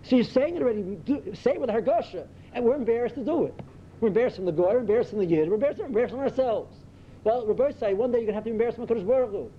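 A man giving a Torah talk as a rabbi, telling stories full of Yiddish and Hebrew words and climbing to excited emphasis. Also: racing. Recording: dull lo-fi recording with faint rumble.

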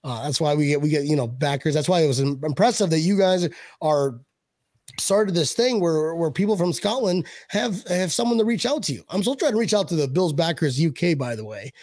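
Excitable, higher-voiced male podcast host. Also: a little fast, dry recording. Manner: excitable, laughs often, stumbles over words. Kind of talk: casual chat.

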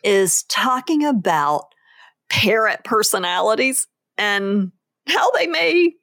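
A woman's voice: mid-range voice, big pitch swings, slow, fairly bright tone, no room sound, clean studio sound. A woman co-hosting a parenting advice podcast, enthusiastic, with laughing asides. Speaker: podcast co-host.

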